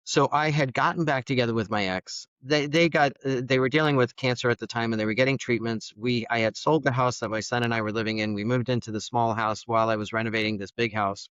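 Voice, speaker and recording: A middle-aged man, a guest on a podcast, telling his personal story in an animated way and acting out the dialogue. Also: medium pitch, quick pace, few pauses, clear, resonant tone, dry recording. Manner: animated, acts out quoted dialogue. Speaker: podcast guest, foster parent. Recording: dull, dry studio sound.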